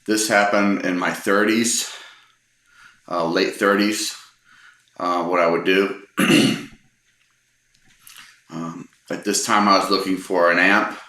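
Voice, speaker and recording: Deep-voiced rambling man in an echoey room. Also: level tone, slow pace, pauses often, pushed and bright. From Texas. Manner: rambling, hesitant, many ums. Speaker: storyteller. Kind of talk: casual anecdote telling.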